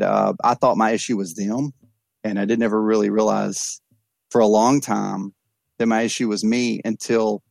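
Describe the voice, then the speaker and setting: Earnest low-voiced man telling his recovery. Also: vocal fry, a little mellow, no echo. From East Texas. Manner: earnest, reflective, many restarts and stammered repeats. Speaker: addiction counselor and guest. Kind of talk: candid podcast conversation.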